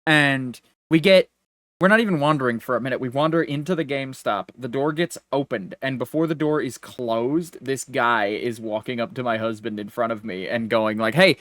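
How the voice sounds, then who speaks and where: Animated man telling a story, dry sound. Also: medium pitch, fairly quick, no room sound. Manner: animated storyteller acting out dialogue. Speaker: podcast co-host. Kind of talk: casual chat.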